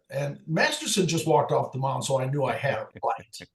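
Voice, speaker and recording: A man, a former umpire, recalling baseball stories in casual chat, halting and restarting often. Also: mid-range voice, sing-song, creaky, roomy sound. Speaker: retired umpire guest.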